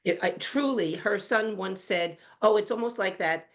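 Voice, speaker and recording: An older retired woman, a guest on a chat show, talking over a video call with a warm, laughing, self-correcting manner. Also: mid-range voice, moderate pace. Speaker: guest, nonprofit assistant director. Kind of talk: casual chat.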